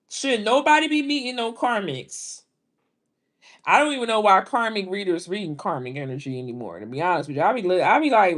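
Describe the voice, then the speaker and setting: A middle-aged woman, reading tarot in casual, animated talk full of exclamations. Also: a little high. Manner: animated, exclaiming, drawn-out reactions. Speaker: tarot reader.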